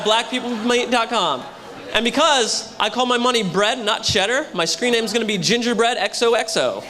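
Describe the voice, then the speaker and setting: A young man doing a brash stand-up comedy set with loud crowd work at a hotel show. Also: high voice. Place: hotel comedy show before a live audience. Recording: live room with audience.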